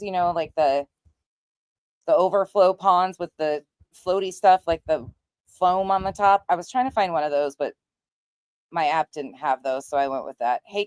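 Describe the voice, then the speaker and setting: A woman's voice: medium pitch, a little mellow, no room sound. A woman hosting a casual livestream, greeting viewers by name and chatting bluntly, swearing now and then. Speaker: livestream host.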